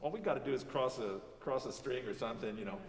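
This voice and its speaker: A man's voice: medium pitch, quick pace. A man teaching a music master class, coaching a student and singing phrases to show what he means. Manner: animated, sings phrases to demonstrate. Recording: echoey hall, voice from far off.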